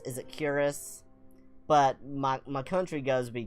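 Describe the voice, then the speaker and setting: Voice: mid-range voice, steady tone, moderate pace, smooth, soft background music. A young adult streamer from the American South with a Southern accent, telling a rambling, self-deprecating story and reading game text aloud in a casual let's-play. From Southern United States.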